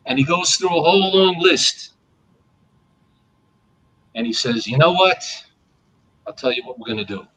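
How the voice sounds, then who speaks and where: Animated bright-voiced male storyteller. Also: on the high side, rough recording. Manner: animated storytelling, acting out characters. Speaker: storyteller on a panel. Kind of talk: telling a folk tale and blessing. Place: online live panel.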